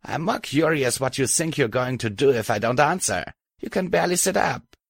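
A man's voice: on the low side, sing-song, moderate pace, fairly bright tone, no room sound. A man reading an audiobook, voicing an armored female pony warrior who talks casually with a crude smirk. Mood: cocky. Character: armored female pony killer, cocky, grinning.

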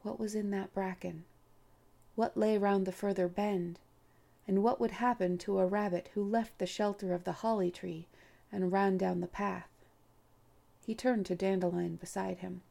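Gravelly, mellow-voiced woman narrating. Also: medium pitch, fairly even intonation. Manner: measured, unhurried storytelling. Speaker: audiobook narrator. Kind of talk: scripted narration.

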